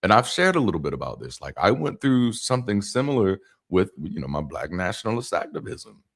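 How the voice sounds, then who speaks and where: A man talking to camera in a casual spoken monologue, animated, with rhythmic emphasis and frequent restarts and asides. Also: on the low side, a little fast. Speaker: YouTube commentator.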